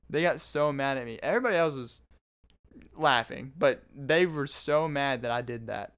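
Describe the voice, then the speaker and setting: A man's voice: fairly high pitch, brisk, fairly bright tone, smooth. A man in his twenties hosting a podcast, telling stories in a rambling, self-interrupting casual monologue. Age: 20s. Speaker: podcast host.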